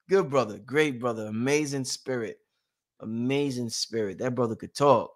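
A man hosting a casual livestream, reading out chat shout-outs and talking informally, often repeating himself and swinging between loud and quiet. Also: medium pitch. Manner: informal, drawn-out, repeats phrases. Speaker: livestream host.

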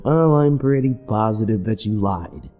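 A man voicing a gruff, impatient police captain who talks bluntly and demandingly. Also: fairly low pitch, animated, unhurried, warm tone, faint music behind. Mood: pressing. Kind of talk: horror story narration voice acting.

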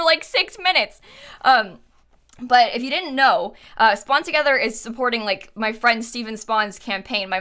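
A young woman streamer with a bright, crisp voice, sitting a little high in pitch. She chats quickly with lots of ums and likes and giggles. She rattles off names from the chat as she goes. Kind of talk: live-stream chat, reading donations.

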